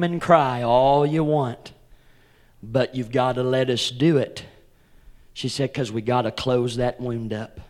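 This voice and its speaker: Folksy preacher, high for a man. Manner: folksy storytelling with a preacher's address to the congregation; calls out congregation members by name. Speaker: pastor. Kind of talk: sermon.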